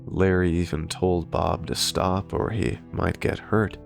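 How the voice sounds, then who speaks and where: A man narrating a horror story in a slow, deliberate scripted delivery. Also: fairly even intonation. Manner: slow, deep and gravelly delivery. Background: faint guitar music.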